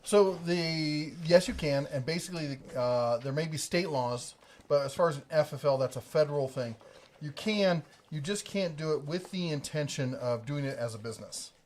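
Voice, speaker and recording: A man's voice: on the high side, normal speed, a little mellow, a little hiss or hum. A man hosting a casual livestream, rambling through viewer questions with jokes and restarts. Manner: rambling, joking, self-correcting. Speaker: livestream host.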